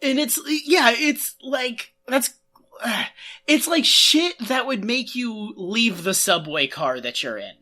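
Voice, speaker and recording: A woman's voice: on the high side, animated, slow pace, bright, forceful tone. A woman co-hosting a comedy podcast, rambling sarcastically with lots of filler words. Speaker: podcast co-host. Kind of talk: casual comedy podcast chat.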